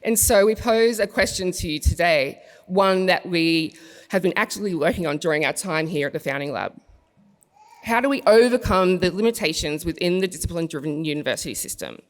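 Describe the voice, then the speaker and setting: A woman's voice: lowish voice, expressive, a little fast. Young woman giving an earnest student speech. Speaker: student speaker. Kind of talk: prepared presentation speech. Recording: long hall reverb.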